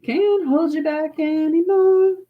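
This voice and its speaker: A woman's voice: very high voice, steady tone, slow, phone-quality sound. A woman doing a live tarot reading, chatting casually with viewers and reading card messages aloud. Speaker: tarot reader.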